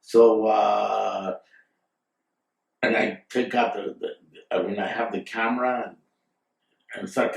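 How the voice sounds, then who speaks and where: Man, storyteller, rambling, digressive, very slow pace, distant mic, roomy echo. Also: on the low side, steady tone, vocal fry. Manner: rambling, digressive, with fillers and asides. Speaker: storyteller, guest. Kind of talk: casual spoken storytelling.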